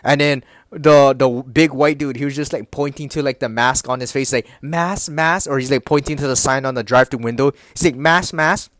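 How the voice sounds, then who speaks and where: A man's voice: mid-range voice, flat delivery, brisk, dry recording. Young man, casual rant, swears constantly, rambling, dry recording. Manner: rambling, profane, filler-heavy, keeps addressing the audience. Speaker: YouTuber. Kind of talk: casual storytelling rant to camera.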